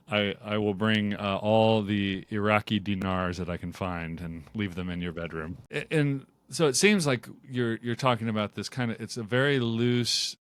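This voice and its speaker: A man's voice: fairly low pitch, moderate pace, clean tone, no room sound. An American man hosting a podcast, chatty and anecdotal in casual conversation. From United States.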